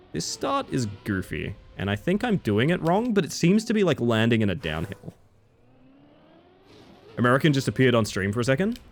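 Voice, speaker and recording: Casting: Australian male streamer, lively pitch, chatty and profane, faint music underneath. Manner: chatty, swears, chants silly words while playing. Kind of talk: casual live-stream gaming commentary.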